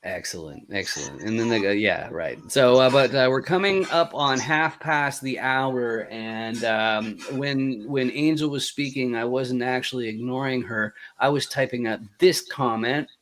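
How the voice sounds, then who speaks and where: A man hosting a casual panel chat, joking and relaxed as he makes announcements. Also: medium pitch, measured pace, few pauses.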